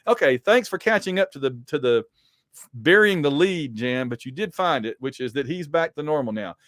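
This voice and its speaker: A man's voice: fairly high pitch, lively intonation, moderate pace, a bit bright, no echo, clean studio sound. Chatty man reading comics aloud. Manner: chatty, wry asides, many fillers. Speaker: podcast host.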